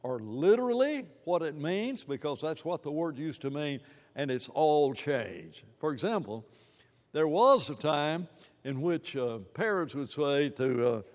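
Animated preacher man in a reverberant hall. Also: a little high, unhurried. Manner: animated, rambling, many restarts and fillers. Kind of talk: sermon.

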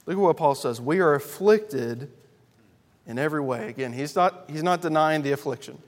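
A man preaching a sermon to a congregation, emphatic and building through loud repeated lists. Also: fairly high pitch, moderate pace, long reverb tail. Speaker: pastor.

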